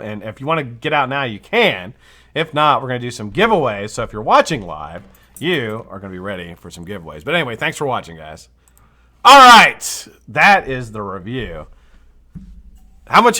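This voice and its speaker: A man's voice: mid-range voice, sharp tone. A man hosting a live vape review show, talking casually and enthusiastically and swearing freely.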